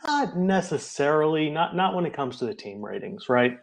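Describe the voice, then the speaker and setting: A man talks through football ratings on a podcast. His talk is casual and comes in quick bursts, and he often checks in with "right?". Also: on the high side, big pitch swings, gravelly. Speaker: guest ratings analyst.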